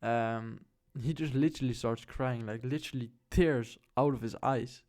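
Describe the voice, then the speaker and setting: A man's voice: medium pitch, moderate pace, darkish tone. Young guy vlogging about some old drama, talks loose and slangy, lots of likes and ums, mid voice. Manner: loose and slangy, many fillers, laughs while telling. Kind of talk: casual storytelling to camera.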